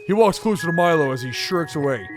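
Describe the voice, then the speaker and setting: A hoarse man streaming a game, reading it aloud and making crude joking asides. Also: on the high side, lively intonation, quick pace, music in the background.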